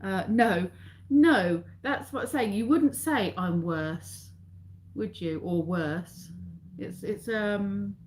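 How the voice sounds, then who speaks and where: A woman's voice: mid-range voice, slow pace, darkish tone, a little hiss or hum. Chatty English woman rambling on a live stream. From England. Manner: rambling, chatty, self-correcting. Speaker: vlogger chatting with live viewers. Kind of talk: casual live-stream chat.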